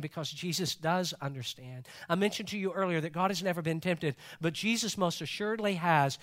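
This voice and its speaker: A male preacher with a notably high voice delivers a sermon. He speaks earnestly and returns to the same phrases for emphasis. He sinks into a soft, hushed voice for every quotation. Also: moderate pace, hardly any pauses. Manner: drops to a hushed voice when quoting others.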